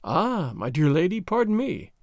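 A shrewd middle-aged French spy, quiet and sarcastic, who flatters with mock gallantry, as a male narrator plays him. The delivery stays smooth and close, with a lively, rather high voice. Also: moderate pace, dry recording. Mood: sly, sarcastic.

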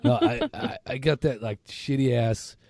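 A man co-hosts a laid-back podcast while nursing a sore throat, so his voice sounds rough. His tone is dark and mellow, recorded close and dry with no room sound. He rambles and stumbles through his lines, poking fun at himself. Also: medium pitch, wildly swooping pitch, measured pace, no echo. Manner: rambling, stumbling, self-mocking. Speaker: podcast co-host. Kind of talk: casual chat.

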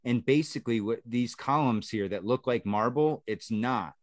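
A man's voice: medium pitch, normal speed, no room sound, studio quality. A man hosting a podcast, talking in an offhand, sceptical way and thinking aloud. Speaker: podcast host. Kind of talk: casual chat.

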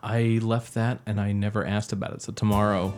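A man's voice: fairly low pitch, level tone, fairly quick, a little mellow, faint music behind. A tired man co-hosting a casual podcast chat, swearing freely as he tells a story. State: tired, yawning. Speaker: podcast co-host.

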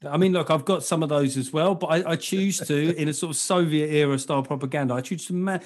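A sweary man hosts a comedy podcast, rambling through jokes in a relaxed, chatty way. His voice sits a little higher than most men's, and he talks freely with his co-host. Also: fast. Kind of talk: casual comedic chat.

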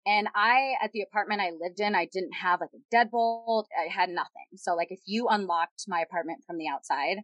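In a loose, chatty, animated way, a woman tells a casual story, saying "like" constantly and throwing in quick asides. Her voice is at an ordinary middle pitch. The sound is dry and close with no room echo, and the highs are cut off.

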